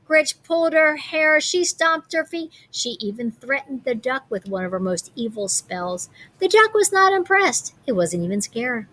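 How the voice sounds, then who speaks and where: A woman reading a picture book aloud, animated, with playful comments on the pictures. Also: sits high, normal speed. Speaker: storybook reader.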